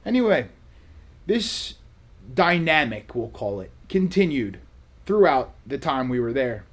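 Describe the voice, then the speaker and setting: A man hosting a vlog, telling a casual story in a sarcastic, animated way. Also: mid-range voice, measured pace. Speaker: vlog host.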